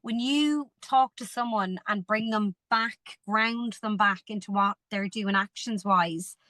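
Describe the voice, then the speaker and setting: A woman's voice: medium pitch, a little slow, no echo. A woman, a podcast guest and coach, telling stories animatedly and acting out the dialogue. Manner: animated storytelling, acts out quoted dialogue. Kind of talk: casual podcast interview.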